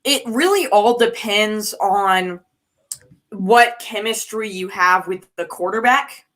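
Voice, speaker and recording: Bright-voiced woman caller. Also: mid-range voice, slow pace. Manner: hesitant, chatty, uses "like" and "um". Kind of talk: casual call-in chat.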